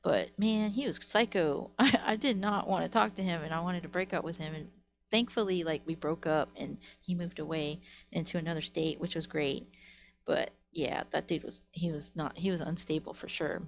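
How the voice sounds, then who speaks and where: A woman's voice: low voice, normal speed, vocal fry, lo-fi sound. A woman streamer casually telling stories to her live chat, rambling and full of fillers like "like", recorded on a webcam or desk mic at home. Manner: rambling, filler-heavy with frequent "like".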